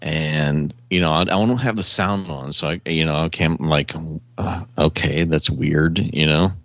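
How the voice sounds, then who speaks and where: A man on a casual podcast chat, telling a long rambling story with animated energy and frequent chuckles, heard over dull lo-fi call audio. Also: rumbling low, measured pace, no room sound. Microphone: remote call audio.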